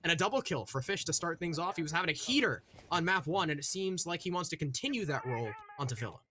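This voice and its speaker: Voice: mid-range voice, animated, fast talker, sharp tone. An esports caster giving live color commentary with chatty analysis of the plays.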